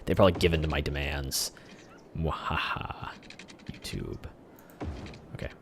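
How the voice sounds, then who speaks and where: A man's voice: rumbling low, sing-song, fairly quick, creaky, a little hiss or hum. A man giving casual gameplay commentary, rambling and talking back at the game. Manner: rambling, talks to the game, erupts in shouted cheers. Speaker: gaming channel host.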